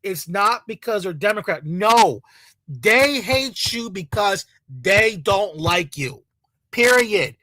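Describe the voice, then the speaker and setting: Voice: mid-range voice, expressive, slow, bright, forceful tone. A video creator ranting in a heated, profane way, repeating points over and over. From Latino community in the United States. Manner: angry, profane, repetitive rant.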